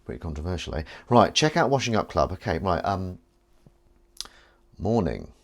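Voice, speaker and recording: A man's voice: low-pitched, sing-song, normal speed, vocal fry. A man hosting a live stream at home, talking in a rambling, playful, self-mocking way. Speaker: livestream host. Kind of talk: casual live-stream chat.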